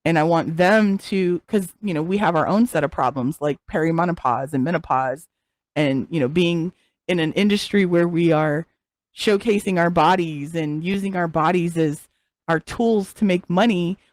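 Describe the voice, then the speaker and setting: A woman's voice: fairly low pitch, normal speed, a little mellow, dry recording. A middle-aged woman being interviewed, talking candidly and frankly, swearing freely and laughing often. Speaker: interview guest, content creator.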